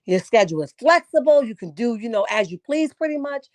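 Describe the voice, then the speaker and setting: A woman's voice: on the high side, big pitch swings, fairly quick, a little mellow, no echo. Woman, casual commentary, blunt, preachy, dry close sound. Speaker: reality TV commentator.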